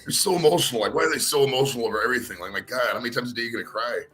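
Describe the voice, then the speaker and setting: Guy ranting crude and animated, talks fast, bright sharp voice. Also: mid-range voice, soft background music. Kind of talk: casual chat over whisky.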